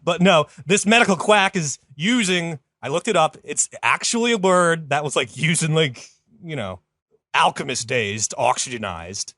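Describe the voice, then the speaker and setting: A man hosting a comedy podcast, telling a story in a rambling, casual way with lots of fillers, and jumping up in pitch when he quotes someone. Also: lively intonation, moderate pace, bright, forceful tone, no echo, clean studio sound. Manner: rambling, many fillers, jumps high for quoted voices.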